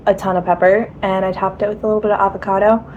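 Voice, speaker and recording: A woman's voice: mid-range voice, level tone, rapid-fire, a little mellow, lo-fi sound, a little hiss or hum. A young woman chatting casually in a rambling, laughing way as she vlogs her day. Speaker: vlogger. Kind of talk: casual vlog chat.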